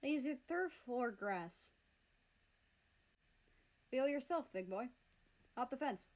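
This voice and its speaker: A woman's voice: high-pitched, animated, slow pace, darkish tone, voice pushed up, rough recording. Cocky teasing teen boy, class president type, woman reading him.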